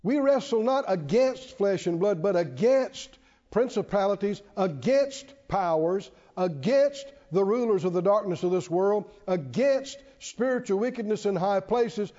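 In a church hall, a man with a high, mellow, animated voice preaches a sermon to his congregation at a slightly slow pace. He is emphatic and repetitive, frequently putting questions to his listeners. The recording is dull and lo-fi, with the reverb of a church hall.

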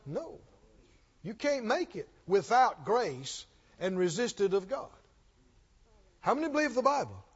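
A man's voice: sits high, sing-song, unhurried, long pauses, husky. A man preaching a sermon in a church, emphatic and questioning, often repeating his lines. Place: church sanctuary. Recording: dull recording with long hall reverb.

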